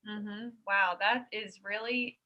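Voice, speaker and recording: A woman's voice: medium pitch, fairly even intonation, slow pace, muffled recording. A young woman hosting an interview, listening closely with short affirmations and asking follow-up questions. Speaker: podcast host. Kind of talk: interview conversation.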